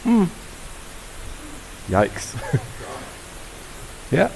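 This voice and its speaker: A South African man facilitating a workshop, talking with an audience in a lively, conversational way and asking them questions. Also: fairly high pitch, extremely slow, creaky, background noise. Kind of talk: interactive talk to an audience.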